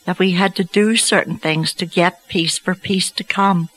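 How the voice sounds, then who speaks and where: A woman telling a personal faith story to an audience, slow and reflective with gentle humour. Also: lowish voice, steady tone, rough recording. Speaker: speaker giving a faith testimony.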